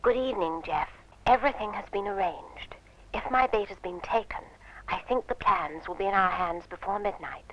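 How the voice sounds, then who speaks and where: A woman voicing a poised aristocratic lady secret agent who gives orders in crisp upper-class diction, in an old puppet series. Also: mid-range voice, normal speed, close to an everyday voice, rough recording. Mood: commanding.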